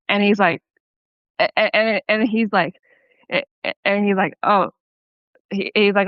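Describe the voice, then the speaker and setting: Young woman caller, stumbly and halting, dull muffled line, dry. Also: medium pitch, fairly bright tone, clear, resonant tone, no echo. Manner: halting, many restarts, nervous laughs. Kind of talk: call-in advice conversation.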